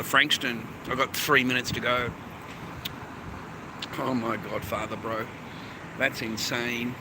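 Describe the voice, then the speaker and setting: An Australian man runs a livestream, his voice slightly high against a noisy background. He rambles through a crude, profanity-laced rant, calling everyone "mate."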